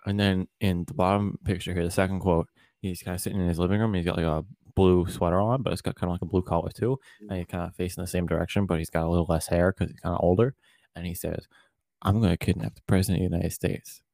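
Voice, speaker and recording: A man with a very low, dark voice co-hosting a comedy podcast. He stays deadpan and earnest through the jokes. The sound is close and dry. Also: fast, no room sound. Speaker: podcast co-host.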